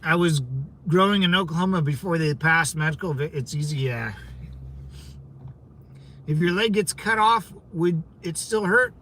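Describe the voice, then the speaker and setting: A young man with a bright, fairly high voice hosts a relaxed livestream and reads out viewer comments. He talks in a loose, easygoing way, laughs a lot and often repeats himself. A faint hiss of noise sits under his voice. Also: moderate pace, pauses often. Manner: laid-back, laughs often, repeats phrases. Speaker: livestream host. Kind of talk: casual livestream chat reading comments.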